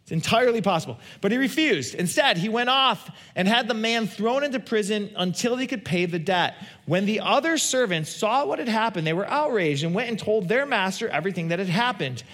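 High-voiced man preaching a sermon. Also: fairly bright tone. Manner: conversational, asks the congregation questions. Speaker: pastor.

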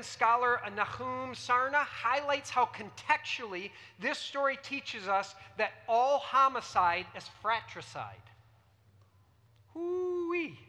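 A preacher with a bright, forceful voice teaches a sermon and keeps putting questions to the listeners. The voice carries a long reverb, as from a large hall. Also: medium pitch. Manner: teaching, asks the audience questions.

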